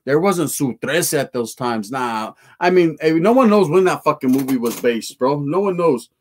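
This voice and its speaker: A man talks loosely through a livestream, reading out comments and answering them in easy street slang with Spanish words thrown in. His voice sits a little high for a man, and he keeps it relaxed and profane. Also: normal speed. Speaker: livestream host.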